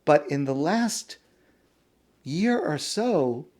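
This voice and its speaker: A man's voice: fairly high pitch, expressive, drawn-out words, a little mellow. A man voicing an earnest, heartfelt sixteen-year-old boy within a story he is telling, speaking with rising emphasis.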